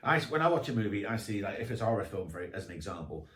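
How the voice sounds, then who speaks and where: Fast-talking man telling anecdotes. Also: on the low side, big pitch swings, a bit bright. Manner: rambling anecdotal storytelling. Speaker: author and historian guest. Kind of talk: casual podcast chat. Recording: echoey room, distant mic.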